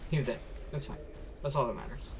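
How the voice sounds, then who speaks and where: A young man streaming a video game, chatting with his viewers as he plays and breaking into shouts and high laughter at what happens on screen. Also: steady tone, a little fast, noisy background. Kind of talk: casual gaming livestream chat.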